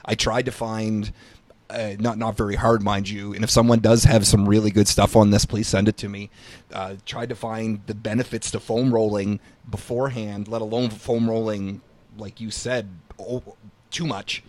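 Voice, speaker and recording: A man's voice: on the low side, level tone, moderate pace, a little mellow. A man hosting a podcast in casual chat, enthusiastic but hesitant, restarting his sentences a lot. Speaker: podcast host.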